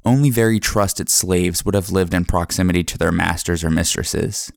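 A man narrating a history podcast from a script, in a measured reading manner. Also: low-pitched, gravelly, no room sound, clean studio sound.

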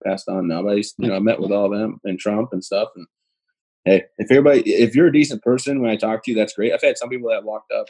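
A man telling stories in casual chat, animated and acting out the voices of people he quotes. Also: fairly low pitch, fast, breathy edge, rough recording. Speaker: guest.

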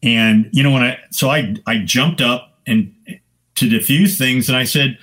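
An older man, a photographer on a podcast, telling sports stories casually with lively, profane energy, acting out the people he quotes. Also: mid-range voice, unhurried. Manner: animated anecdotes with profanity, acting out quoted voices. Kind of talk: casual storytelling.

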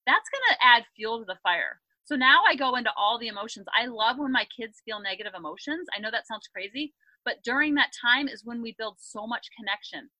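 A woman in her thirties, a parenting coach and podcast guest, explaining her approach in a lively conversational way, often acting out quotes. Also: on the high side, a little fast, no echo, rough recording. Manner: upbeat, animated storytelling with acted quotes. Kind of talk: conversational interview.

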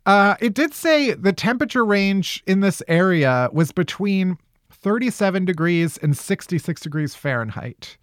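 A man's voice: high-pitched, sing-song, normal speed, fairly bright tone, dry recording, studio quality. A man hosting a podcast, chatting and joking with many "like" fillers. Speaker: podcast host. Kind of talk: casual comedic podcast chat.

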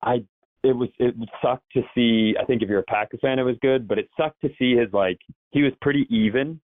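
Over a tinny, phone-like line with no room sound, a sports show guest with a medium-pitched voice chats casually and fairly quickly about football. He rambles, corrects himself, and jumps into quoted voices.

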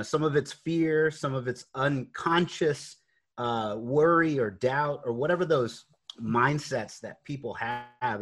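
A man's voice: medium pitch, a bit bright. A man speaking as an interview guest, earnest and faith-driven, telling his story with many fillers and restarts. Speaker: guest, real estate investor.

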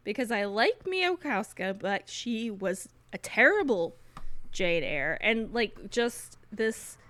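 Bright, emphatic woman podcast host. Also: mid-range voice, sing-song, slow pace. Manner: emphatic, opinionated, laughing. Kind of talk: casual chat.

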